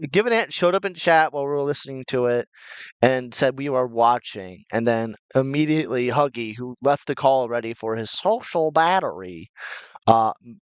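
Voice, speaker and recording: Mid-pitched person retelling a chat incident. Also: lively intonation, moderate pace, clean tone, dry recording. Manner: recounting events, quoting chat. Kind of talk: casual podcast storytelling.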